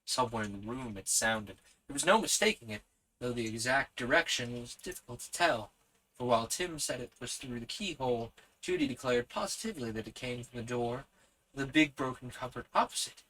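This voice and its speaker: Man reading a story softly. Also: medium pitch, expressive, a little fast, low-quality recording. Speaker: podcast host.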